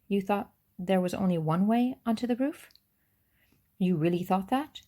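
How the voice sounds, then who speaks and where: A woman's voice: mid-range voice, normal speed, dark tone, natural voice. A woman voicing a wary, cold boy who speaks curtly and matter-of-factly. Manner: curt, matter-of-fact.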